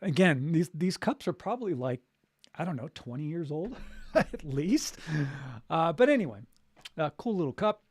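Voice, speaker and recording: A man's voice: fairly high pitch, expressive, normal speed, long pauses, dry recording. A man who works as a voice coach, giving an upbeat, encouraging live talk and repeating his key points. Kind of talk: live motivational chat.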